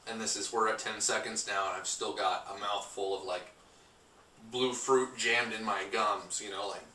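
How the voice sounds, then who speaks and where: A man's voice: on the low side, fairly even intonation, moderate pace, bright, forceful tone. A man co-hosting a wine podcast, describing aromas and flavors casually while searching for the right words. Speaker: podcast co-host. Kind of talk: casual wine tasting chat. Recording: roomy sound from a distant mic, faint ambient noise.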